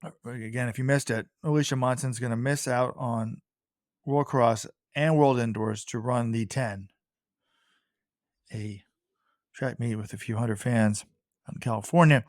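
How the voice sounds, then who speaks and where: A man's voice: medium pitch, steady tone, measured pace, pauses often, no room sound. A man co-hosts a podcast in casual, opinionated talk. His voice sits in an ordinary middle range, recorded dry and close. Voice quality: opinionated, critical commentary. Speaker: podcast co-host. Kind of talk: casual chat.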